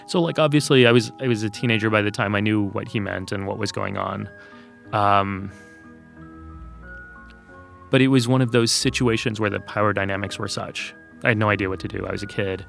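A man's voice: fairly low pitch, steady tone, brisk, gravelly, fairly bright tone, soft background music. A man from Texas, a guest telling personal stories in an earnest, thoughtful way, with many fillers. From Texas, USA. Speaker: interview guest. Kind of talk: reflective personal storytelling.

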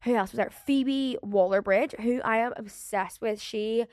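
A woman's voice: fairly high pitch, unhurried, darkish tone, dry recording, clean studio sound. A young woman hosting her own podcast, chatting in a rambling, casual way full of "like" fillers and the odd swear word. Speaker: podcast host. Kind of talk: casual solo podcast chat.

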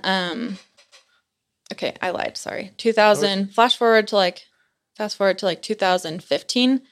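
Young woman rambling through a spooky story, says like a lot, mid pitch, animated. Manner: chatty, heavy use of "like", animated retelling. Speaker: guest telling a story. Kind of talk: casual storytelling chat.

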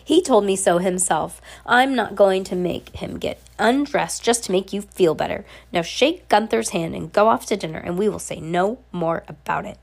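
A woman's voice: mid-range voice, normal speed, vocal fry, hardly any pauses. A woman with a cold voicing a vain, wealthy guardian who talks in a haughty, bossy and impatient way. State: has a cold, scratchy throat.

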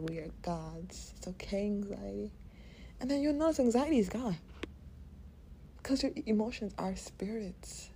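Candid podcast woman with a mellow voice. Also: mid-range voice, a little hiss or hum. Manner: candid and profane, with frequent laughs; soft, soothing and half-whispered in places. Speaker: podcast host. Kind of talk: unscripted podcast monologue.

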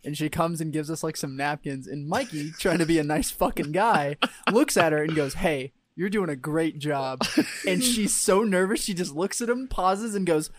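A man co-hosting a podcast, chiming in with an animated retelling in casual chat, swearing. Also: fairly high pitch, normal speed, dry recording. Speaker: podcast co-host.

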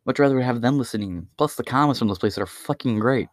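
A man's voice: mid-range voice, fast, no echo, studio quality. Profane rambling man ranting on a podcast. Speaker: podcast host. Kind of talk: ranting solo podcast monologue.

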